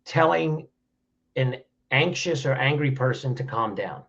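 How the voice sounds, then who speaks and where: A man's voice: mid-range voice, animated, measured pace, vocal fry, a bit bright, slightly rough, lo-fi sound. A man speaking as a podcast guest, giving conversational advice in a plainspoken way and often restarting his phrases. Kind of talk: conversational advice on handling anger.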